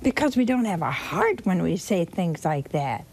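A woman preaching a sermon, telling a scripture story slowly and expressively with dramatic repetition. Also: on the low side, very animated, darkish tone.

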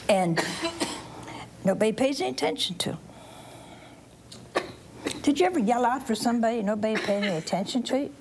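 Brief: woman preacher, fairly high voice with lots of rise and fall, chatty, keeps asking the congregation questions. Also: brisk, pauses often, noisy background. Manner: animated, chatty, quizzes the audience directly. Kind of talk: sermon with Bible storytelling.

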